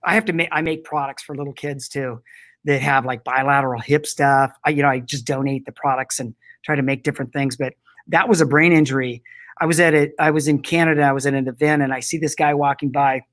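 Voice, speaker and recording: A man's voice: medium pitch, steady tone, fast talker, a bit bright. A man talking as a guest in an interview, enthusiastic and rambling, with many restarts. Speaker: product company founder, guest. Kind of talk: casual interview talk.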